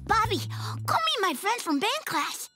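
A woman's voice: very high-pitched, very animated, measured pace, music in the background, exaggerated voice. A woman voicing an eager young boy in a cartoon. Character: young boy at his birthday party.

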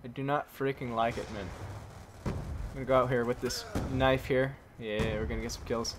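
A man's voice: mid-range voice, fairly even intonation, normal speed, slight background noise. A young man commentating his own shooter gameplay, swinging between muttering and frustrated outbursts with minced curses. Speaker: gaming YouTuber.

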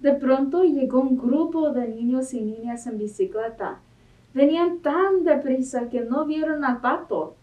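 A woman reads a picture book aloud in a clear, steady way, with a voice pitched a little high. She sounds some distance from the mic. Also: normal speed, highs cut off. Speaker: library storytime reader. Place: library.

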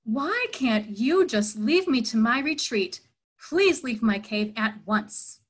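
A woman voicing a wise old male hermit who speaks slowly and calmly, as part of a sermon story. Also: on the high side, breathy edge, exaggerated voice. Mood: annoyed.

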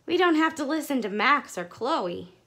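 Woman doing a cheerful little first-grade boy, high-pitched, lively and bouncy, storybook voice. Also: normal speed. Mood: eager. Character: cheerful young schoolboy, eager and earnest.

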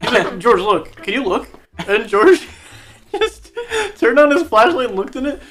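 A man's voice: very high-pitched, big pitch swings, a little slow, fairly bright tone, soft background music. A man in casual chat, telling a funny story to friends and laughing as he goes.

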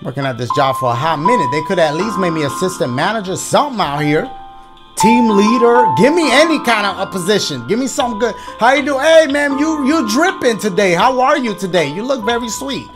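A man casually commenting on his gameplay, cracking jokes, swearing freely and reacting loudly to scares. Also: high voice, lively intonation, brisk, over music. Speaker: gaming YouTuber.

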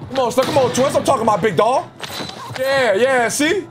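Over game audio with noise and music behind him, a man streams boisterous, mocking commentary in cocky slang. He has a very high voice with lively intonation and a brisk delivery.

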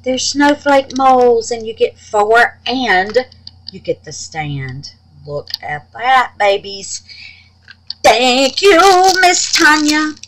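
A woman's voice: on the high side, very animated, slow, a bit bright. A woman chatting to her viewers about her resin crafts, calling them babies and honey. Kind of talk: casual chat to viewers. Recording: noisy home recording.

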